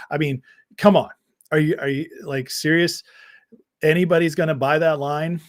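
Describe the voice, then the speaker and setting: A man's voice: a little high, moderate pace, dry recording, clean studio sound. An American man hosting a live stream, reacting to clips and the chat with laughing, sarcastic commentary. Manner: mocking, laughing, sarcastic asides. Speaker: streamer host.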